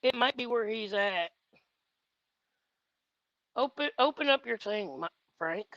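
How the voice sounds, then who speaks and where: A woman chats casually on a live stream, rambling and circling back over her own words. Her voice sits on the higher side. It comes through muffled lo-fi call audio. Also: expressive, slow, a bit bright, dry recording. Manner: chatty, rambling, repeats words as she restarts. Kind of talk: casual chat. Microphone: remote call audio.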